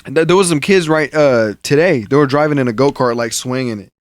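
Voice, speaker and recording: A man's voice: brisk, no room sound, studio quality. A young man co-hosting a podcast in laid-back casual chat, telling stories about school. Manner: laid-back storyteller who acts out others in a higher voice. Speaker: podcast co-host.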